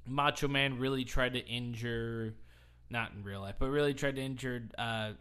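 A man hosting a casual podcast, retelling an old wrestling match in a loose, rambling way. He laughs often and gets animated at the funny bits. His voice sits at an ordinary mid pitch. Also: moderate pace, clear, resonant tone. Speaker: podcast host. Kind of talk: casual chat recapping wrestling.

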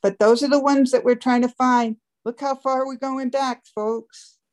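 Woman, fairly high voice, chatty, explains step by step, conference call. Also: fairly even intonation, measured pace, a little mellow. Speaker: webmaster giving a site tour.

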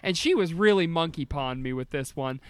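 Animated man riffing on a comedy podcast. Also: on the high side, brisk, smooth, dry recording. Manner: rambling, excitable, swears freely. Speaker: podcast co-host. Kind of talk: comedic casual chat.

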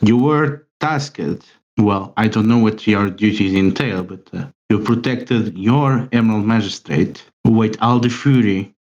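A man voicing a proud, indignant captive samurai abbot who speaks in a formal, measured way. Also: fairly low pitch, darkish tone, lo-fi sound, lightly acted. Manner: formal, measured, wounded pride.

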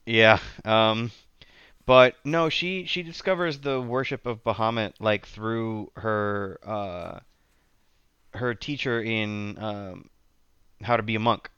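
A man's voice: lowish voice, slow, a bit bright, clear, resonant tone, dry recording, muffled recording. A man chatting casually as a guest about his tabletop character, rambling with many restarts and fillers. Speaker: podcast guest, tabletop player. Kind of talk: casual chat.

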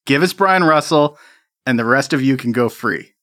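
A man voicing a gruff woman officer giving stern, clipped orders over a walkie-talkie. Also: mid-range voice, expressive, moderate pace, sharp tone, no echo, studio quality.

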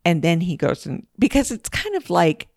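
A woman's voice: on the low side, very animated, moderate pace, gravelly, no room sound, clean studio sound. A woman co-hosting a podcast, talking in candid, emphatic casual conversation and laughing easily. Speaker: podcast co-host.

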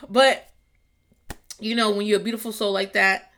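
Solo podcast host, woman, bright tone, rambling and profane, quick to laugh. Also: flat delivery. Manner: rambling, profane, laughs often, jumps to squealing high voices for quotes. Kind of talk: casual solo podcast rant. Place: garage.

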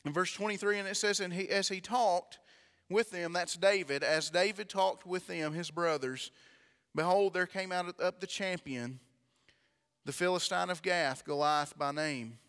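A man's voice: high-pitched, unhurried, fairly bright tone, clean tone. A man preaching a sermon, reading scripture aloud and building to fervent delivery. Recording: long reverb of a large hall.

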